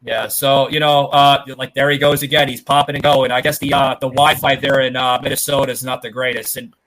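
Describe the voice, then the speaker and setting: A man's voice: mid-range voice, little pitch movement, brisk, fairly bright tone, rough recording. A man hosting a podcast in a casual, rambling way, full of fillers and swearing. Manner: rambling, many fillers and profanity. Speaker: podcast host.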